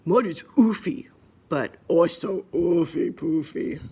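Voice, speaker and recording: A woman doing a loud, drawn-out brother piggy. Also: on the low side, breathy edge, exaggerated voice. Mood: playful. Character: young brother pig, whiny then bold.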